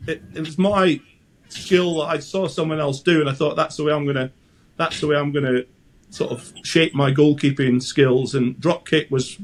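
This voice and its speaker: Scottish man telling stories, a bit high. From Scotland. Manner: chatty anecdotal storyteller, frequent restarts. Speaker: guest, former goalkeeper. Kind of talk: casual interview chat.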